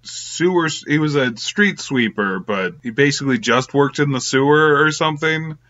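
A man's voice: on the high side, normal speed, fairly bright tone. A young man casually reviewing an old film, rambling with lots of fillers and little laughs. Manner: rambling, filler-heavy, giggly. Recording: slightly muffled lo-fi audio.

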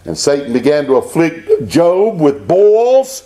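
A pastor preaching a Baptist sermon, rising into emphatic bursts and reading scripture aloud. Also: male voice, fairly high pitch, huge pitch swings, takes it slowly, few pauses, dark tone.

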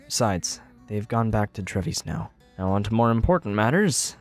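A man doing a deadpan guy, lowish voice, lively pitch, dry close sound. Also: moderate pace, soft background music. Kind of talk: fan audio drama.

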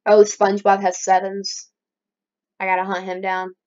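A woman's voice: medium pitch, monotone, moderate pace, darkish tone. Chatty mock-outraged young woman gamer. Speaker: let's play host. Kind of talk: casual gameplay commentary. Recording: slightly dull lo-fi recording.

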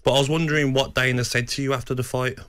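A man's voice: mid-range voice, little pitch movement, fast talker, a bit bright, smooth, no echo, studio quality. A man co-hosting a radio talk show, asking a guest questions in a joking, casual way.

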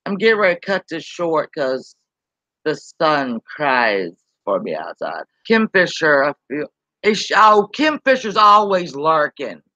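A woman's voice: sits low, very animated, a little slow, pushed and bright, dry recording, highs cut off. A woman, ranting bluntly and profanely on a live-stream while reading chat aloud. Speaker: YouTube commentary host.

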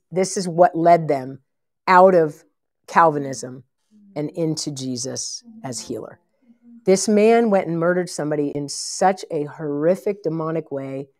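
A woman preacher telling a long story in a sermon, animated, acting out the voices of the people in it and often laughing. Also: lowish voice. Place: conference hall.

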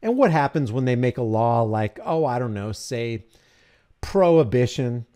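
A man's voice: medium pitch, big pitch swings, unhurried, warm tone. A man from New Jersey reading news aloud and mocking it in a sarcastic, heated commentary. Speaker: political commentary host. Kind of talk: reading and ranting about news.

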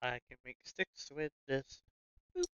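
A man's voice: medium pitch, moderate pace, lo-fi sound, background noise. A man playing in a casual multiplayer game, muttering asides and swearing now and then. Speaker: player. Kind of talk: casual multiplayer chat while gaming.

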